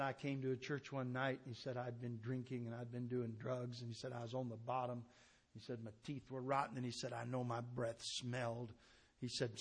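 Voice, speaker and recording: A man preaching a sermon, impassioned, swinging from shouted declarations down to quiet, low storytelling. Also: breathy edge. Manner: impassioned, rising to shouts then dropping low.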